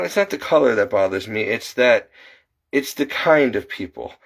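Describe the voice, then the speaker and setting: A man vlogging in a casual, exasperated rant, his voice climbing high as he complains. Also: low-quality recording. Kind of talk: casual ranting monologue.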